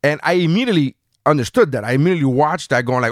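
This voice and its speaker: A man co-hosting a podcast, telling a story in a profane, animated, casual way. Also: on the high side, fairly quick, no echo, studio quality. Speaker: podcast co-host.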